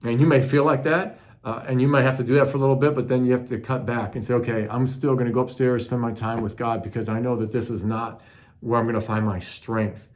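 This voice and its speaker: A man's voice: medium pitch, fairly even intonation, quick pace. A man preaching a sermon in an earnest, conversational teaching manner, asking his listeners questions. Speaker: pastor.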